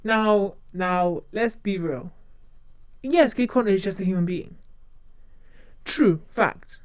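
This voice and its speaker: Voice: mid-range voice, a little slow, smooth, dry recording. A streamer chatting casually to viewers, whose first language is not English, rambling and often repeating and restarting phrases. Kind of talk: casual chat.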